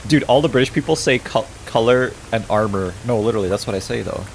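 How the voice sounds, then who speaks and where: A man's voice: fairly low pitch, fast talker, vocal fry, slight background noise. A man streaming a game, reading its dialogue aloud in changing voices and joking with his viewers, laughing often. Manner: playful, laughs often, reads characters' lines in shifting voices.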